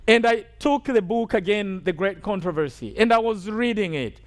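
Male preacher from Rwanda, very high voice, emphatic testimony delivery with call-and-response asides. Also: expressive, normal speed. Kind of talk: sermon testimony.

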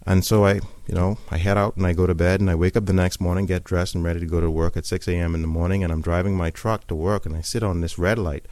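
A man's voice: low voice, steady tone, fast, few pauses, darkish tone, no room sound. A man giving a personal church testimony, telling his story in an earnest, reflective way.

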